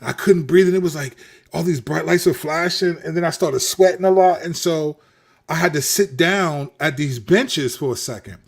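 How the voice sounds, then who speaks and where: Animated streetwise man telling his story. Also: a little high, normal speed, creaky, husky. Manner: animated, streetwise, preacherly, repeats himself. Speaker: host. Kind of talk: candid personal storytelling.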